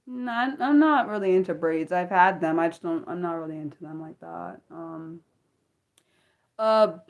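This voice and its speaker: An American woman hosting an unscripted livestream, chatting in a rambling, animated way with many fillers and restarts. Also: on the low side, normal speed. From Maryland, United States. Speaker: livestream host. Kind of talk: unscripted livestream chat, answering viewers.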